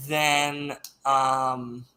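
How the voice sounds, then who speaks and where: A man co-hosting a wrestling podcast, talking in a measured way and setting facts straight. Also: mid-range voice, flat delivery, pushed and bright, clean tone. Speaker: podcast co-host. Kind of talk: casual wrestling chat.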